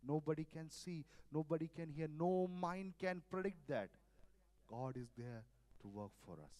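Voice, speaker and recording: A man preaching a sermon in an earnest, repetitive way, his loudness rising and dropping suddenly. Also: on the high side, normal speed, no echo.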